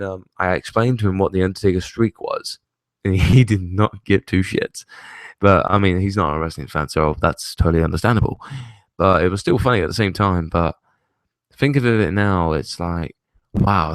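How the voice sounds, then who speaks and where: A man's voice: sits low, dry recording. A young man hosting a casual rambling chat, swearing casually and often laughing. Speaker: host.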